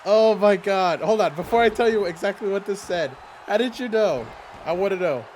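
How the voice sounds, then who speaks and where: On a livestream where he runs a fantasy wrestling league, a man commentates a wrestling game while bantering playfully with his viewers and speaking directly to chat. His voice is high and darkish, animated and fairly quick, with a little hiss or hum underneath.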